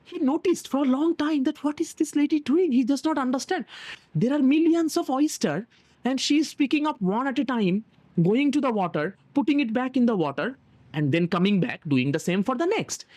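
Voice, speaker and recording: A man's voice: extremely high pitch, animated, fairly quick, a little mellow, no echo. A man leads an online session over a video call and tells a story earnestly and with animation, stumbling and restarting as he goes. His voice rises and falls widely, and the sound is close and dry. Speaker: host of an online wellness session.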